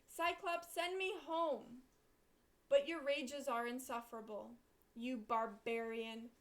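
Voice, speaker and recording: A woman reading aloud the lines of a clever male hero who scolds a monster, in an earnest, reproachful way. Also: high voice.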